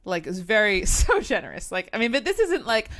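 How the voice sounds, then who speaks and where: A woman co-hosting a podcast, telling stories in a casual chat, animated and laughing, with many fillers. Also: medium pitch, a little fast. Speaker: podcast co-host.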